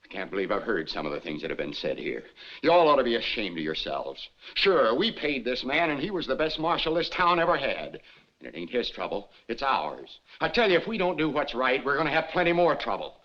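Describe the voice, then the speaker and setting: A man's voice: medium pitch, sing-song, fairly quick, fairly bright tone. An actor playing an indignant townsman who reproaches his neighbours emphatically, on an old lo-fi film soundtrack. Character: indignant older male townsman shaming neighbours.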